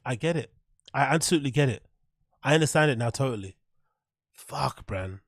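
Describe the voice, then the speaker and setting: A man's voice: mid-range voice, lively intonation, a little fast, long pauses, no echo, studio quality. A man hosting his own podcast, ranting sarcastically about a clip, blunt and swearing, often laughing. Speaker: podcast host. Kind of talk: casual rant reacting to a clip.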